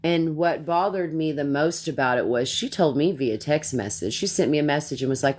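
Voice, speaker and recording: A woman's voice: deep voice, expressive, normal speed, few pauses, darkish tone. A woman streaming a heated live rant, blunt and profane, who repeats herself as she gets worked up.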